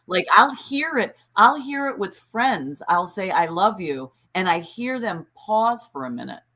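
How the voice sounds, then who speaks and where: A woman's voice: mid-range voice, expressive, a little slow, sharp tone. A woman co-hosting a casual chat over a delayed remote call, sharing her own experiences candidly and often repeating herself. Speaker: podcast co-host.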